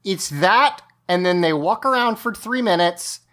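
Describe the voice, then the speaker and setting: A woman's voice: mid-range voice, measured pace, fairly bright tone. A woman co-hosting a podcast, casually recapping an episode, chatty and often laughing. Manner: chatty, laughs often, restarts lines while explaining. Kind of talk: casual chat.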